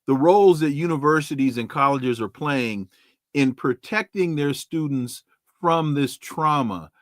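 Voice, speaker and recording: A man from California hosting an interview podcast, asking long, deliberate questions with stammered restarts. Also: fairly high pitch, expressive, no echo, clean studio sound. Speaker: podcast host.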